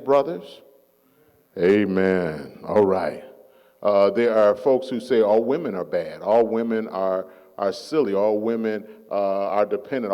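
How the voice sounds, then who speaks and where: Low-voiced preacher in a reverberant church. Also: male voice, mellow. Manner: call-and-response preaching, drawn-out emphatic phrases. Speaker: pastor. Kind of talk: sermon. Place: church sanctuary.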